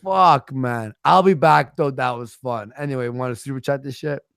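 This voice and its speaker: A man's voice: medium pitch, normal speed, creaky, fairly bright tone, smooth, no room sound, studio quality. A man rambling through profane stories in a casual livestream chat.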